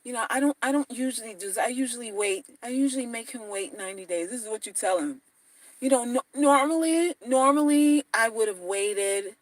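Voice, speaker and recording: A soft, coy young woman making apologetic excuses in a hushed voice, as a vlogger puts her on. The sound is dry and close. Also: fairly high pitch, brisk, no room sound, lightly acted, low-quality recording. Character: naive young woman excusing herself to a man.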